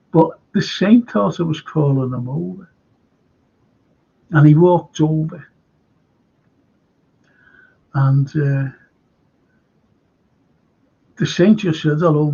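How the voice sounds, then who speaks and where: Fan-show host, raised pitch, gravelly, swears, muffled audio. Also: male voice, warm tone. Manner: anecdotal storyteller, swears freely. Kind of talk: casual fan show chat. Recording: dull lo-fi stream audio.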